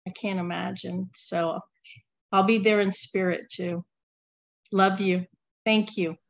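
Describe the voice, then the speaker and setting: Slow, gravelly-voiced emotional woman. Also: mid-range voice, fairly even intonation. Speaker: meeting member sharing. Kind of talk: casual share at online recovery meeting.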